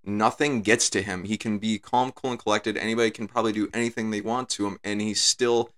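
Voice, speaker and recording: A man's voice: fairly low pitch, steady tone, brisk, a bit bright. A man talking casually through his analysis and restating his points as he goes. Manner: talks things through, repeats his points. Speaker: video essay creator.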